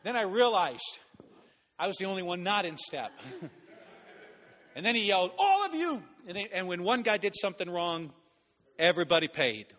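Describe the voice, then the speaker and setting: A man preaching a sermon, telling stories in an animated way and acting out voices. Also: high voice, normal speed, pauses often, big-room sound. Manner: animated, acts out voices and laughs at own stories. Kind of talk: sermon with storytelling.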